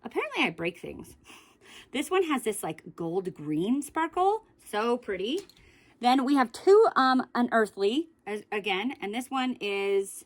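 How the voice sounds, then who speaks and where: A woman's voice: on the high side, very animated, measured pace. A young woman beauty vlogger chatting casually through a product review, rambling with many fillers.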